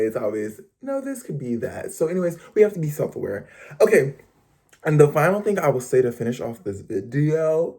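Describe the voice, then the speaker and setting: A young man talking to camera in a casual motivational vlog, chatty and playful, with lively slangy asides. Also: mid-range voice. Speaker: vlogger.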